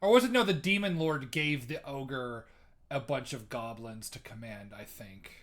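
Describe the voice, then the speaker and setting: A man's voice: medium pitch, moderate pace. A man hosting a podcast, chatting casually in a rambling, hedging way that trails off. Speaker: podcast host. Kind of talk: casual chat.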